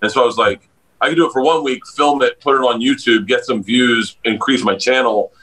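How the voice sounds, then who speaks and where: Bright-voiced comedian telling loud stories. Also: male voice, a little fast, rough recording. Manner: loud storyteller, laughs a lot, jumps up in pitch when excited. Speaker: guest comedian. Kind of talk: casual podcast chat. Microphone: video call.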